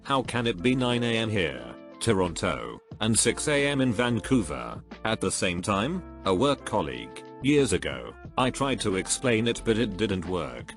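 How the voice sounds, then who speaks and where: A man reads online posts aloud as a scripted narration. His voice sits a little low, and his delivery is steady and even. Faint music plays beneath him. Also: unhurried.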